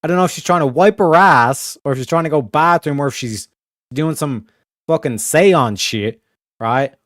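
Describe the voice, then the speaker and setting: A man's voice: fairly high pitch, normal speed, a bit bright, no room sound, studio quality. An Irish man hosting a stream in casual chat, rambling and swearing, repeating his catchphrases. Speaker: streamer host.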